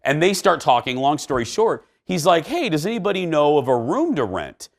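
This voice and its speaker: Animated middle-aged man hosting a talk show. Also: on the high side, moderate pace, gravelly. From Indiana, United States. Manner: chatty, animated, with frequent fillers and restarts. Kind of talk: casual chat and storytelling.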